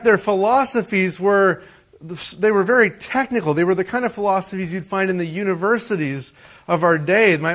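Animated middle-aged preacher, fairly high voice. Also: male voice. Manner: swings from loud animated storytelling to hushed prayer. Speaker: pastor. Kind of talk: sermon.

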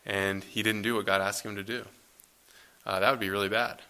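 A man with a very bright, sharp tone and a fairly low voice gives a sermon. He reads scripture and then talks it through in a casual, conversational way, with plenty of fillers. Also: little pitch movement, a little fast, smooth. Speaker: preacher.

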